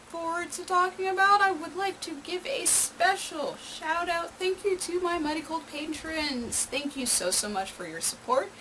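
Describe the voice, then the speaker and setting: A woman's voice: extremely high pitch, a bit bright, slight background noise, poor audio. A woman hosting her own movie review channel, chatty and openly sarcastic. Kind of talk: casual video review.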